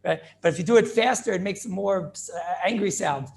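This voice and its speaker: High gravelly rabbi teaching a class. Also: male voice, a little fast, a little mellow. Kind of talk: informal Torah class. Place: classroom with students.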